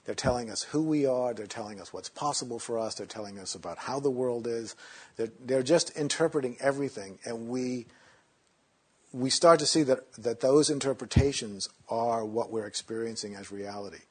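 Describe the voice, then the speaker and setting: A man teaching meditation in a relaxed, conversational way, sometimes acting out inner voices in a mocking tone. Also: medium pitch, normal speed, husky.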